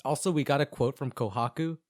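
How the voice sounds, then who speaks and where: A man's voice: medium pitch, brisk, a little mellow. A man co-hosting a podcast, recapping an anime in a chatty, rambling way full of filler words. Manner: chatty, rambling recaps with many "like"s and acted-out quotes. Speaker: podcast co-host.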